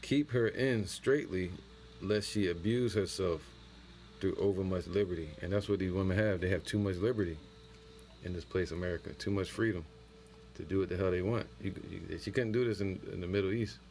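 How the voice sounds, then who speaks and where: Man, very low voice, scripture lesson, slow verse reading, slangy asides, faint hiss behind. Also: steady tone, a little mellow. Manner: reads scripture slowly, then comments in loose street slang. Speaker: teacher of a religious camp.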